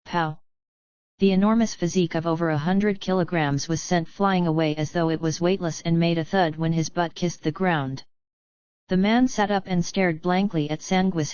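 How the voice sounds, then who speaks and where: Woman, audiobook narration, steady reading, smooth low voice, dry dull recording. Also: dry recording. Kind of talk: scripted narration.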